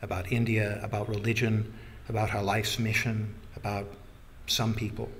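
A calm Canadian husband speaks in measured, low tones, close to the reader's own voice as a man reads him. A faint hiss sits behind the audiobook reading. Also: close to an everyday voice.

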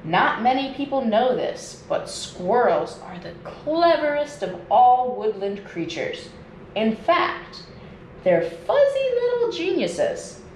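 A woman nature educator reads a children's picture book aloud, slowly and with lively swings in pitch. Her voice sits fairly high. The recording is echoey, with a faint hiss in the background. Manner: slow, expressive read-aloud. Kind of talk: storybook reading for children. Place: indoors at home. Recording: echoey room with faint noise.

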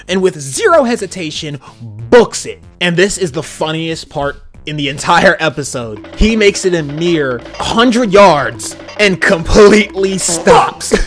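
A man's voice: on the high side, fairly bright tone. A young man giving casual, slangy commentary on a cartoon episode, laughing often. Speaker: video commentator.

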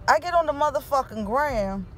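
A woman's voice: high voice, expressive, normal speed, a bit bright. A woman from Philadelphia recording a raw, grieving vlog from her car, with heavy swearing. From Philadelphia, USA. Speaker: vlogger. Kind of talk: emotional selfie vlog.

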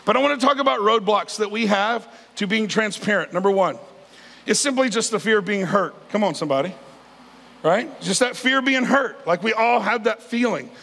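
A man's voice: high voice, moderate pace, gravelly, sharp tone. A man, preaching a sermon in a conversational, joking style with frequent calls to the congregation. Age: 50s. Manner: conversational preaching with humor and crowd prompts. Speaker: pastor. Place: large church sanctuary. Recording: long hall reverb.

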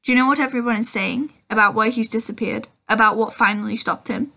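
A woman's voice: a little high, fairly even intonation, fast, creaky, heavily acted. A woman reading the part of a strict, impatient older witch professor in a storybook. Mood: irritable. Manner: sharp, irritable, clipped.

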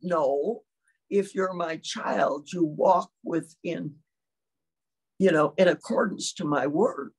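An older woman preaching a sermon in a measured way, often checking in with her listeners and clearing her throat now and then. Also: low voice. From China.

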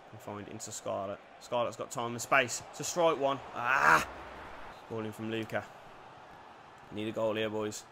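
A young man giving lively commentary over a football video game, dropping to quiet play-by-play and bursting into shouted cheers. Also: mid-range voice, measured pace, gravelly, long pauses, background noise. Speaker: gaming YouTuber.

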